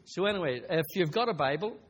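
A man's voice: sits high, lively intonation, quick pace, big-room sound, muffled recording. A man preaching a sermon to a congregation, talking conversationally with asides and rising into emphatic bursts. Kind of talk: sermon with a told story.

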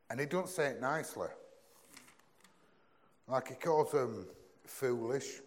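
A young man preaching a sermon in a conversational, earnest way, often dropping into a low, soft voice. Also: unhurried, long pauses.

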